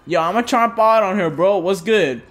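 A young man commenting on his own gameplay in loose slang, excitable and swearing constantly. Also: high voice, moderate pace. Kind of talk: casual let's-play commentary.

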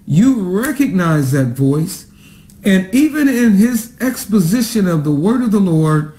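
Male pastor, high-pitched, preaches with drawn-out emphasis in a roomy space. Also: mellow. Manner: greets online viewers by name. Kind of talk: sermon. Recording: echoey room sound.

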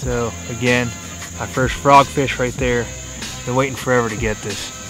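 A man's voice: medium pitch, fairly even intonation, normal speed, music in the background. A man vlogging his fishing by a pond outdoors, talking casually to viewers in an easygoing, chatty way with plenty of ums and uhs. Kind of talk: casual vlog talk to viewers.

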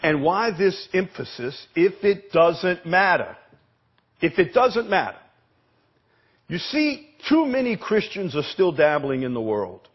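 Husky preacher with lively pitch. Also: male voice, slow, lo-fi sound. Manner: emphatic preaching, repeats words, asks the congregation questions. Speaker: pastor. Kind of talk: sermon. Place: church sanctuary.

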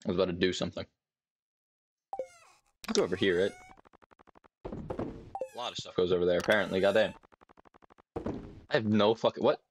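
A man's voice: low voice, moderate pace, long pauses, noisy background. A young man streaming a farming game, chatting casually and rambling to himself with lots of swearing. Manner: profane, rambling, talks to himself. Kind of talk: casual gameplay commentary. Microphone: desk mic with webcam.

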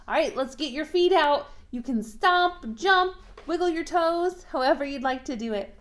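Woman, children's librarian, high voice, sing-song, toddler storytime. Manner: sing-song, animated, slow and clear for small children.

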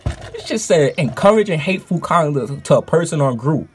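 A man who streams, telling a story in a casual, animated and profane vlog rant. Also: a little high, moderate pace, a little hiss or hum.

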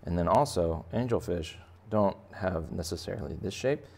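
A man's voice: low voice, animated, normal speed, vocal fry, mellow. A man teaching a drawing lesson for kids in a playful, jokey, conversational way. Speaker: art teacher.

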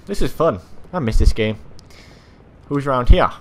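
A young man commentating his own gameplay, swearing freely, yelling at other players and boasting in jest. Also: mid-range voice, animated, moderate pace. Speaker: gaming channel host.

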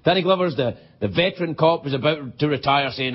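A man hosting a late-night talk show, delivering a playful comedy monologue that swings from shouts to mutters. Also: fairly high pitch, a little fast. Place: TV studio with live audience. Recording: dull broadcast tape with loud audience.

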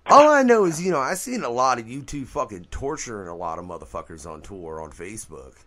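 A man hosting a casual podcast radio show, talking loosely and swearing freely, his voice leaping up when he gets excited. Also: mid-range voice, brisk. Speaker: podcast host. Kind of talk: casual profane radio chat.

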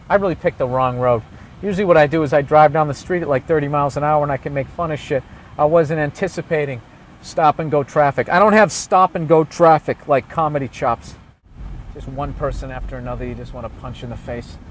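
A man's voice: on the high side, a little fast. A man, a comedian, ranting profanely and sarcastically about traffic while driving through city streets. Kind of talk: casual rant while driving.

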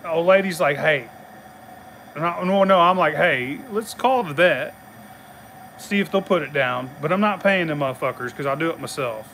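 A man's voice: fairly high pitch, vocal fry, sharp tone, a little hiss or hum. A middle-aged man, telling a rambling, profane story in casual chat and laughing along the way. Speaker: channel host.

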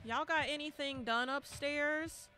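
A woman streaming a horror game live, chatting and reacting dramatically, dropping to a hush and then shrieking. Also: sits high, a little slow, faint music behind. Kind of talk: live gameplay commentary.

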